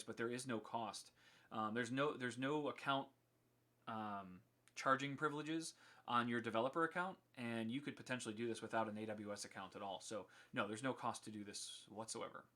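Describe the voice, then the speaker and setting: A man's voice: medium pitch, fairly bright tone. A man casually explaining his code on a live stream, chatty with many ums and restarts.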